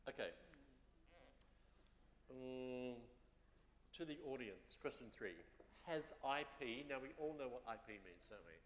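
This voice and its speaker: A man, moderating an audience question forum in a lively, joking way, coaxing answers from the crowd. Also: medium pitch, a little slow, long pauses. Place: event venue with audience. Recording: hall reverb, faint noise.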